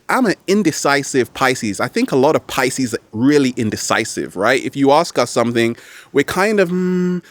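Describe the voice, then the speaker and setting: Animated man. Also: medium pitch, no room sound. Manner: animated, playful, slips into exaggerated quoted voices. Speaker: vlog host. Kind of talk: motivational talk to camera. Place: outdoors in nature.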